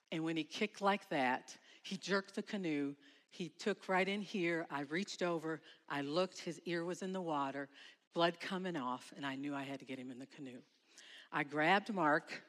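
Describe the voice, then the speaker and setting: A middle-aged woman with a bright, forceful voice tells students a story in a school chapel, calling out loud whenever she acts out a shout. Her words carry a long reverb through the hall. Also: deep voice. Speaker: guest speaker at school chapel. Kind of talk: emotional testimony to students.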